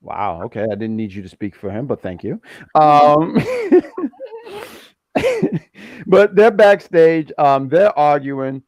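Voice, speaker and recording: A man's voice: medium pitch, expressive, slow, long pauses, darkish tone, no echo. A man co-hosting a wrestling review show, joking and rambling in casual chat.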